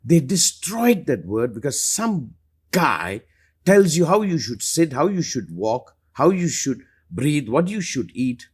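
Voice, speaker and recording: A middle-aged man with a slightly husky voice and a fairly high pitch for a man. His pitch swings a lot as he speaks. He talks emphatically and with passion, like a teacher in a live session. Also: big pitch swings, takes it slowly. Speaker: spiritual teacher. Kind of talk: live Q&A talk.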